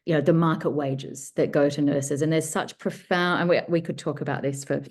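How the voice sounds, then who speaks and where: A woman's voice: low voice, fairly even intonation, fairly quick, a little mellow. A woman speaking as guest author in a workshop, answering questions thoughtfully with many restarts over a video call. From Australia.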